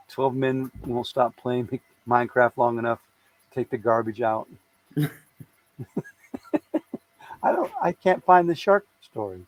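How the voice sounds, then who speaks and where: A man's voice: mid-range voice, slow pace, pauses often, low-quality recording. A middle-aged man co-hosting a casual news chat, joking, swearing and laughing as he goes. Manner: joking and profane, laughs often. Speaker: co-host.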